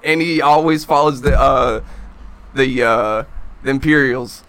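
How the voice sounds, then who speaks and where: A man's voice: mid-range voice, a little slow, fairly bright tone. A young man co-hosting a casual comedy podcast, rambling through stories and laughing often. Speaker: podcast co-host.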